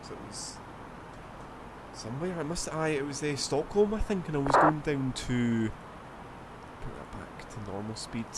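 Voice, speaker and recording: A man's voice: medium pitch, normal speed, pauses often, very noisy. A man with a Scottish accent, rambling casually as he streams a flight sim, swearing now and then. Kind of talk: casual gameplay commentary.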